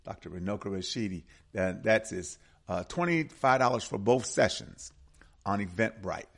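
A man with a low voice hosts a stretch of community announcements. His sound is gravelly and husky. He talks loosely and conversationally, restarting phrases and repeating the key details twice. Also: normal speed. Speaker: community radio host. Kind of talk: casual announcements. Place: Atlanta area.

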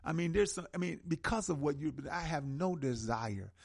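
A husky, gravelly-voiced man hosts a call-in radio show. He talks with an impassioned, sermon-like cadence and leans hard on key words with slow, heavy stresses. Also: a little high, lively intonation. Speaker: radio talk show host.

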